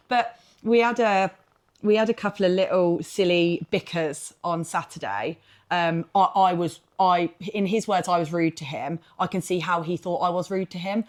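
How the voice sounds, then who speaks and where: Chatty woman, lower voice. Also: steady tone, normal speed. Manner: chatty, rambling, swears casually, many fillers. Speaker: podcast co-host. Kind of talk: casual chat.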